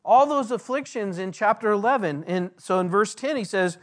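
A man, a pastor, giving a verse-by-verse Bible teaching in an earnest way, slowing down when he reads scripture aloud. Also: high-pitched, animated.

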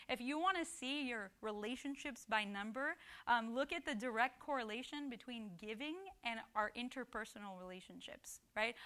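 A woman's voice: a little high, bright, forceful tone. A woman teaching a casual Bible lesson, talking conversationally, often asking "right?" and quoting scripture. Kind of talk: casual sermon.

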